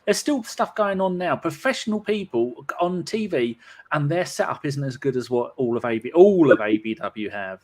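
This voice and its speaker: A man's voice: fairly high pitch, animated, moderate pace, a little mellow. A man hosting a podcast in casual chat, with dry, teasing banter. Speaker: podcast host.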